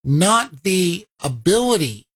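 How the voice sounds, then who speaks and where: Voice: medium pitch, big pitch swings, slow pace, breathy edge. A political commentator reacting to a played clip, firing off rhetorical questions and sarcastically quoting opponents.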